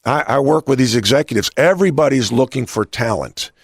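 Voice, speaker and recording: A man's voice: medium pitch, lively intonation, a little fast, slightly rough, dry recording, clean studio sound. A middle-aged man hosting an interview, telling stories with many restarts. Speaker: podcast host and coach. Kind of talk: conversational interview.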